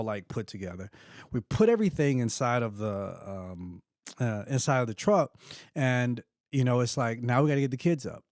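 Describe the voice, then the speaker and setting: Middle-aged male host, storytelling, lively, dry close mic. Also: mid-range voice, dry recording. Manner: animated, acts out quoted voices with laughs. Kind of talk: personal storytelling.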